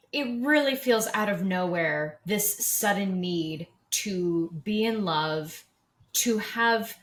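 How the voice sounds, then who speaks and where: A woman co-hosting a podcast in casual chat, speaking frankly and bluntly. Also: mid-range voice. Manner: frank, blunt, swears for emphasis. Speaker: podcast co-host. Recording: roomy echo.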